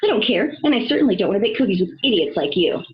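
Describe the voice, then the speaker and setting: A woman's voice: medium pitch, racing, muffled recording, natural voice. A woman voicing a hot-tempered young male wolf in a storybook, talking expressively. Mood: angry. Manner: expressive, swinging between outbursts and worry.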